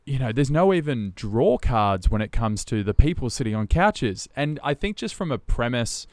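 A man hosting a casual podcast chat, easygoing and quick to agree. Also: medium pitch, big pitch swings, dry recording. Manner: easygoing, frequent short agreements.

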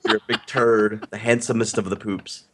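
A man hosting a podcast in relaxed casual chat, laughing along and trailing off. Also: on the low side, moderate pace, background noise. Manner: laid-back, chuckles, trails off. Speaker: podcast host.

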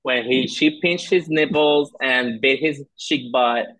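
A man guesting on a casual podcast, chatty and animated, acting out his reactions as he talks. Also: mid-range voice, takes it slowly, no echo, low-quality recording. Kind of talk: casual chat.

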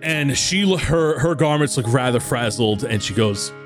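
A man running a tabletop game as game master, narrating scenes in a lively way. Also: mid-range voice, a little slow, over music.

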